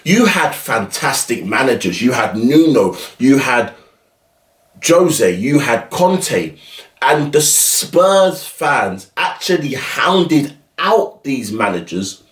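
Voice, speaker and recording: A man's voice: mid-range voice, very animated, slow pace, far from the mic. A man hosting a football show, delivering an exasperated, emphatic rant that keeps repeating its points. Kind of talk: ranting monologue. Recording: echoey room, off the mic.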